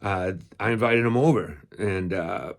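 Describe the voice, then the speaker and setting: Rambling folksy man with a lowish voice. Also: a little slow. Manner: rambling, folksy, with many fillers and restarts. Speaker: cat owner vlogger. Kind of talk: casual storytelling.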